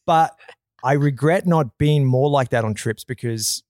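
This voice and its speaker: A man's voice: medium pitch, a little slow, no echo. Man joking freely in dry-sounding chat. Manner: animated joking storyteller, swears freely. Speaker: podcast guest. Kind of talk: casual chat.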